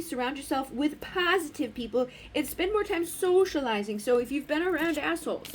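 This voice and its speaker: A woman's voice: sits high, slight background noise. A woman giving a casual oracle card reading, talking in a blunt, rambling way and swearing freely. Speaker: spiritual card reader.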